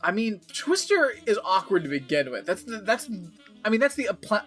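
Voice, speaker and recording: A man's voice: sits high, big pitch swings, moderate pace, fairly bright tone, faint music behind. A man co-hosting a podcast, dryly recapping a movie's plot and acting out its lines in casual chat. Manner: dry, recaps plot with mock-quoted lines. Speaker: podcast co-host.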